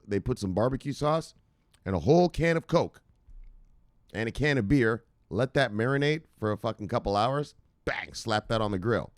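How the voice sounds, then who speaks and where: Low-voiced, profane crypto news host. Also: male voice, no echo, clean studio sound. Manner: loose, profane and chatty, laughs often. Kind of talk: casual news commentary. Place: at a computer.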